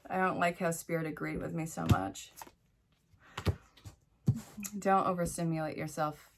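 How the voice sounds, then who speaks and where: A woman's voice: fairly low pitch, slight background noise. A woman giving a solo tarot reading, speaking directly and encouragingly to the listener, with chatty asides. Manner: chatty asides, talks to spirit. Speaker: tarot reader.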